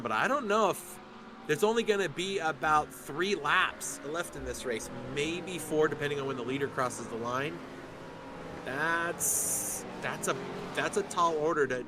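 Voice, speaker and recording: A man giving chatty, excitable live commentary on a sim race. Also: a little high, background noise. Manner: chatty, excitable, quick to laugh.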